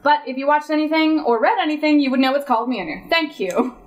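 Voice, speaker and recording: High-voiced woman, lively podcast guest. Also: fast talker, rough recording. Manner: animated storyteller, acts out exchanges. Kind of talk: casual chat.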